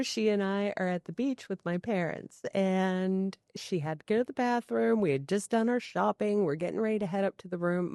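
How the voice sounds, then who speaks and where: A middle-aged woman telling stories as a podcast guest, bringing the people in them to life with quick put-on voices. Her voice sits in a middle range and is recorded close and dry, with no room sound. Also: medium pitch, dry recording. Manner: animated storyteller, acting out quoted voices. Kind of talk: casual storytelling conversation.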